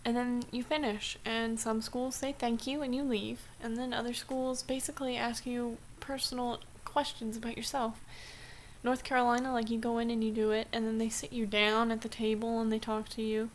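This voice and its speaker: A young woman talks straight to her camera in a loose, rambling vlog, trailing off and restarting with lots of "like" and "I guess." Her voice sits a little high. A faint hiss runs under the home recording. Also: level tone, moderate pace. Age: young adult. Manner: chatty, rambling with many restarts and "like". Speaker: vlogger. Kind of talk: casual vlog chat. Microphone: camera mic.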